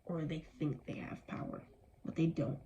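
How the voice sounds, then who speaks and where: A woman's voice: deep voice, normal speed, warm tone, in a whisper, lo-fi sound. A young adult woman vlogging with anger and weariness, speaking emphatically with strong language. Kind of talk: impassioned personal vlog.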